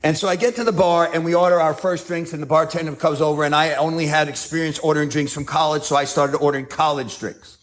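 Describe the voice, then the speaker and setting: A man's voice: fairly high pitch, steady tone, fast, few pauses. A man with a New York accent telling his story as a speaker at a recovery meeting, acting out scenes with self-mocking humor.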